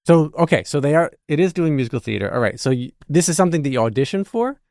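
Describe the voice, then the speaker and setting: A man's voice: a little high, expressive, fast talker, creaky, darkish tone, no room sound, clean studio sound. Playful male podcast host. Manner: playful, joking. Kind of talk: casual interview chat.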